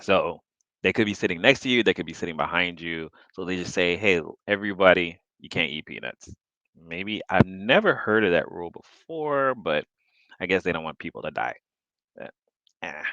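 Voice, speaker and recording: A man's voice: sits low, animated, normal speed, fairly bright tone, no echo, lo-fi sound. A man chatting casually, wondering aloud and musing about things. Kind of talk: casual chat.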